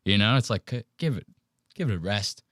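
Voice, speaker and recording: Animated, swearing podcast host man. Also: fairly low pitch, brisk, no room sound, studio quality. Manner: animated, profane storytelling. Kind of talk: casual chat.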